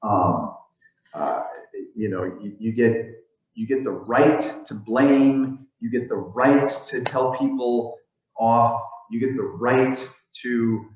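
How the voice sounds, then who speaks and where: A man's voice: mid-range voice, slow. A male minister giving a conversational sermon with storytelling and frequent restarts. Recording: echoey, dull room sound.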